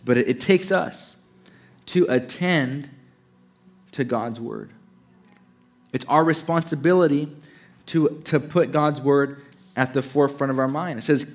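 Man preaching with sudden loud-soft swings. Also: mid-range voice, faint music behind. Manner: stretches key words slowly for emphasis. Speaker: pastor. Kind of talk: sermon.

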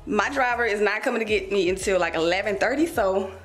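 A woman's voice: medium pitch, fast talker, faint music behind. A woman vlogging casually to her viewers, chatty and a little out of breath, calling them y'all. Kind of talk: casual vlog talk to camera.

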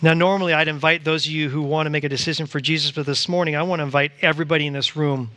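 A man preaching a church sermon, animated and acting out quoted voices to the congregation. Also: on the high side. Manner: animated, acts out voices of God and Satan. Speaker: pastor. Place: church sanctuary.

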